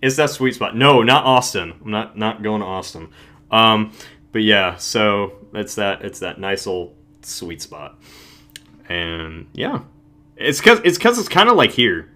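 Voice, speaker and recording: A man's voice: on the low side, animated, measured pace, sharp tone. A man co-hosting a casual podcast from Ohio, rambling and breaking off his sentences. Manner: rambling, self-interrupting, trailing off. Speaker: podcast co-host. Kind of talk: casual live podcast chat.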